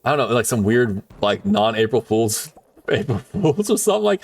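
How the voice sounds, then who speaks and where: A young man chatting casually on a live game stream, rambling and animated, swearing now and then. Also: medium pitch, normal speed. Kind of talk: casual live-stream chat while gaming.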